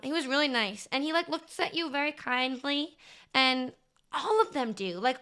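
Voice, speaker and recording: Bubbly, bright-voiced young woman streamer. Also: high-pitched, clean tone. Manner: bubbly, gushing, chatty with many fillers. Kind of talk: casual chat to a live chat audience.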